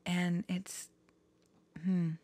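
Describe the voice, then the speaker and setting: Speaking very slowly and with completely flat delivery, this lowish-voiced woman is a tarot vlogger from Florida. She talks to camera in a candid, personal way, hesitant and soft, confiding in her audience and often drifting into whispers.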